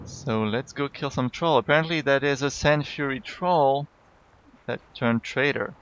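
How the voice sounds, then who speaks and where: A man narrating a game dungeon in a relaxed, casual way, trying out names as he goes. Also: medium pitch, measured pace, lo-fi sound, slight background noise. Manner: relaxed, unsure of names, reads quest text aloud.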